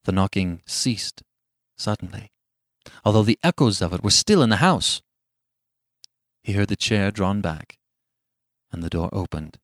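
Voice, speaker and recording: A man narrating a horror story in a hushed, suspenseful way. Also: lowish voice, lively intonation, unhurried, long pauses, no echo, clean studio sound. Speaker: audiobook narrator.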